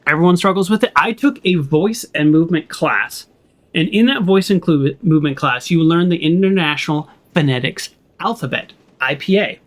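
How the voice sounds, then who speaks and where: A man's voice: on the high side, moderate pace. A man with a West Coast American accent, rambling chattily as he plays and comments on a game. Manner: rambling, chatty, lots of fillers and laughs. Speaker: let's play streamer.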